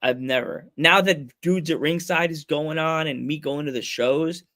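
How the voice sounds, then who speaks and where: A man telling a story on his podcast, in a voice pitched a little high. He talks in a loose, animated way, jumping into other people's voices and laughing along with his own tale. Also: moderate pace. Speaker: podcast host. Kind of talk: casual storytelling chat.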